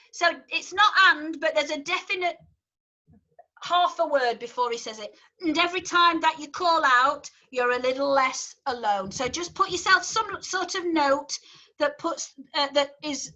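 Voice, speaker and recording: A woman with a Yorkshire accent coaching a choir. Her voice sits high and sounds bright and clear. She talks in a chatty, encouraging way, explaining things step by step. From Yorkshire, England. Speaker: choir leader. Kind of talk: online rehearsal instruction.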